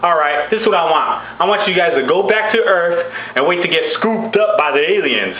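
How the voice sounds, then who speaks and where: Man putting on a shrill sassy God, scolding, mocking, dull echoey room recording. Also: expressive, normal speed. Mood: stern. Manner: mocking, sassy put-downs. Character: brash, scolding male God telling people off.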